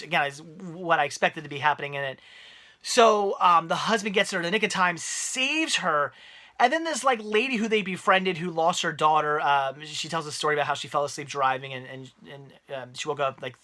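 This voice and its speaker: A young man and parent giving a rambling, animated movie review rant, full of restarts. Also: fairly high pitch.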